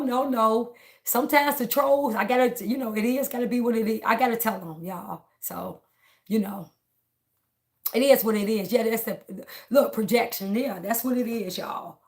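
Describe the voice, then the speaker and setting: A woman livestreaming a casual, preaching monologue, speaking emphatically, repeating her phrases and talking straight to her viewers. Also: fairly high pitch. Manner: laughs between lines.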